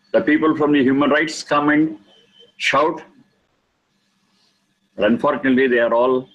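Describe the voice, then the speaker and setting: A man teaching a lesson on scripture, speaking slowly and emphatically, repeating key words for stress. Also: medium pitch, fairly bright tone, dull audio. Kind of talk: lecture explaining scripture.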